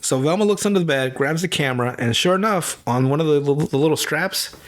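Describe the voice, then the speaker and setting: A man hosting a podcast, retelling a show in a rambling, profane, animated way. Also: fairly high pitch, fast. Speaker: podcast host. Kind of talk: casual show recap.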